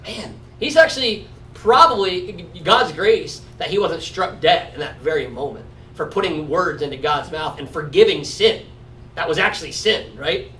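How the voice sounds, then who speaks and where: A man leads a casual Bible study, thinking aloud and often checking in with "right?". His voice sits high for a man. He is recorded from a distance in an echoey room with a faint hiss behind him. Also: expressive, moderate pace, pushed and bright. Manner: conversational, often adds 'right?'. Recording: roomy echo from a distant mic.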